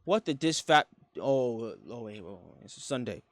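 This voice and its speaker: A young man hosting a reaction video, talking in a lively, exclamatory way, often stumbling, repeating and correcting himself. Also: medium pitch, normal speed, no room sound. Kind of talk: reaction commentary.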